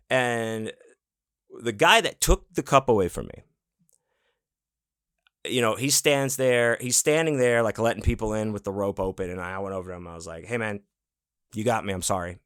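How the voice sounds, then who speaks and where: A man's voice: on the low side, sharp tone, no room sound, clean studio sound. A man hosting a podcast, telling a rambling, profane story in casual chat and acting out the people in it. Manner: profane, rambling, acts out quotes. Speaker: podcast host.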